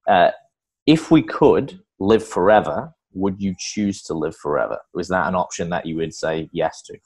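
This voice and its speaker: English guy hosting a podcast, deep husky voice, rambles with lots of ums. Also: normal speed, a little mellow. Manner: enthusiastic, rambling, lots of fillers. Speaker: podcast host. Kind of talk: casual interview chat.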